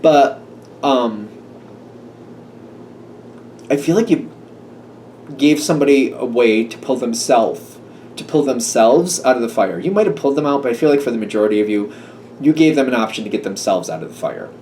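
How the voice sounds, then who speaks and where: Mellow-voiced man musing through a tarot reading. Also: mid-range voice, animated, moderate pace, pauses often. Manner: musing, hesitant, full of fillers and restarts. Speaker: tarot reader. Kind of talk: casual tarot reading monologue. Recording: slightly distant mic with faint room noise.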